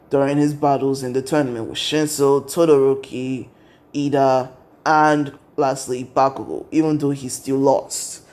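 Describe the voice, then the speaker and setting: A man's voice: fairly high pitch, darkish tone. A young man casually retelling a fan story, rambling from one event to the next. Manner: rambling, strings events with "and then he's like".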